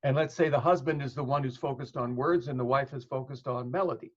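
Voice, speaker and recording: A man's voice: medium pitch, steady tone, fast talker. A male psychotherapist in an interview, explaining ideas thoughtfully and working through examples. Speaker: psychotherapist guest. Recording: dull lo-fi audio.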